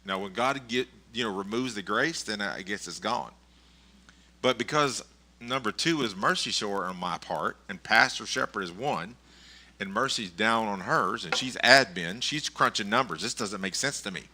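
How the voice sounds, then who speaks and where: Man, middle-aged, pastor, conversational sermon, very bright sharp voice, rambling with restarts. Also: on the low side, normal speed. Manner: rambling, chuckling storyteller with many restarts.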